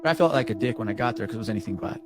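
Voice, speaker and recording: A man telling a story in a rambling, profane, animated way on a casual podcast. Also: fairly low pitch, rapid-fire. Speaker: storyteller recounting a work call.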